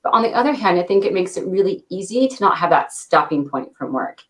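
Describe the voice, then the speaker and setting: A woman in her thirties, a company director answering interview questions with a quick cadence and frequent light laughs. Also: lowish voice, sing-song. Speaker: interview guest, product launch director.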